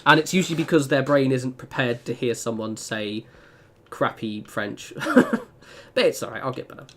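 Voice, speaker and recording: A man's voice: mid-range voice, a little fast, sharp tone. A young man chatting casually while playing a game on stream, rambling with lots of fillers and self-deprecating asides. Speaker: gaming streamer.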